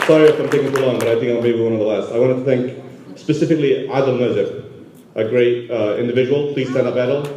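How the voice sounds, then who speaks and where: A man from Yemen giving a halting, emotional award acceptance speech full of fillers at a gala. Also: medium pitch, crowd noise, noisy background. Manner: halting, many fillers, moved. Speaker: award recipient. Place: large banquet hall. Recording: roomy hall, dull sound.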